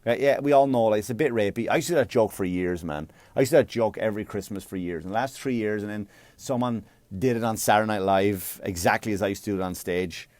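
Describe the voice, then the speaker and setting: An Irish man doing a stand-up comedy monologue, swearing and animated in his delivery. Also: lowish voice, quick pace, dry recording. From Ireland.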